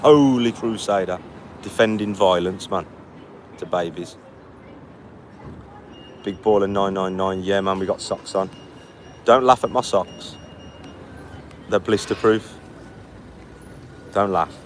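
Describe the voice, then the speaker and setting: Speaking slowly in a deep voice and pausing often, a weary man on a long walk reads his live chat out loud and answers with blunt mockery. It's a casual stream recorded outdoors beside a street, with faint traffic sounds in the background.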